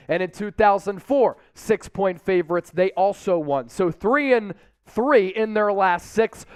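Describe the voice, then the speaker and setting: Young guy hosting a sports watch party stream, pumped up, dry studio sound, crisp voice. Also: high-pitched, no echo. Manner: energetic, hype shout-outs to viewers. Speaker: sports show host.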